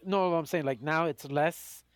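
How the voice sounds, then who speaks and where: A man's voice: a little high, no room sound. Playful man in casual banter. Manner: playful, quick, laughs often. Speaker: show co-host.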